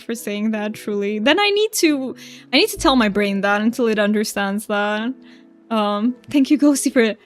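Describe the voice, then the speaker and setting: A somewhat high-voiced woman streamer chats softly with her viewers, laughing a lot and stammering as she gets emotional. Faint music plays behind her. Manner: soft-spoken, emotional, laughs often, stammers and restarts. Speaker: game streamer. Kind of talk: casual live-stream chat, reading viewer messages.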